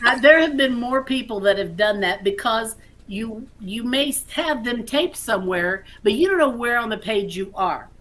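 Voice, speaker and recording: A young woman, a community theatre actor, chatting casually and telling lively stories with laughs. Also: fairly high pitch, moderate pace. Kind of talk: casual chat.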